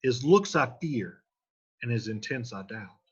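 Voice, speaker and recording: A man's voice: medium pitch, animated, measured pace, slightly rough, muffled recording. A man reading a wary young servant. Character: loyal young male servant, wary and uneasy. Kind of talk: reading Shakespeare aloud.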